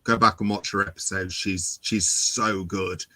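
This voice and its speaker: A man's voice: deep voice, fairly even intonation, measured pace, sharp tone, dry recording. A man co-hosting a casual review podcast, speaking with emphatic enthusiasm. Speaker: podcast co-host.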